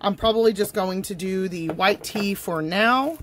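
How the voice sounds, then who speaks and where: A woman's voice: medium pitch, a little slow, slight background noise. A woman chatting casually at her home desk in a tea review vlog, gushing and talking straight to her viewers. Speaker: tea vlogger.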